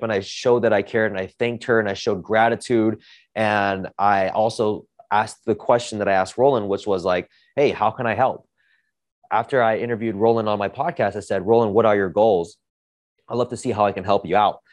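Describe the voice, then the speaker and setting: A man hosting a podcast, telling a story in a casual, energetic way, swearing often and saying "like" a lot. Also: fairly low pitch, no echo, studio quality. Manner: energetic, profane, heavy use of "like". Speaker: podcast host.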